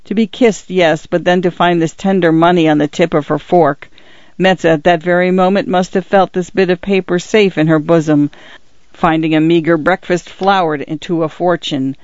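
A woman reading short stories aloud as the narrator of a reading service, measured and even. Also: lowish voice, no room sound. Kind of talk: scripted narration. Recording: dull, dry lo-fi recording.

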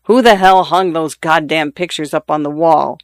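A man's voice: fairly high pitch, moderate pace, no echo, studio quality, natural voice. A man doing a sullen, surly drinking husband. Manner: curt, surly, blunt.

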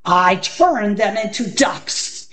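A menacing old magician from a storybook, as a woman reader puts him on. He growls his words slowly and with mockery. The voice carries a roomy echo. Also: mid-range voice, animated, a bit bright, slight background noise. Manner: slow growling delivery. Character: sly old male magician, menacing and mocking.

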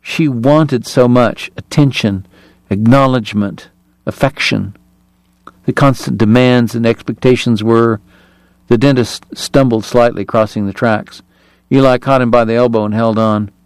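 A man reading an audiobook in a measured, even storytelling manner. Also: mid-range voice, no room sound. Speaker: narrator. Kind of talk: audiobook narration.

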